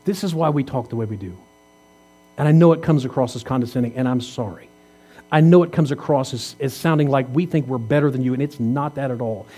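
A man's voice: mid-range voice, a little fast, warm tone, husky. A man in his fifties, a pastor preaching a sermon in a conversational way, asking rhetorical questions and teasing the congregation. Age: 50s. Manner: jokes and teases the congregation.

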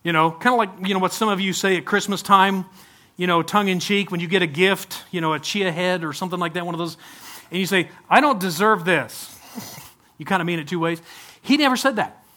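A man's voice: sits high, fast talker, bright, forceful tone. A male pastor preaching a conversational sermon, often asking the congregation direct questions.

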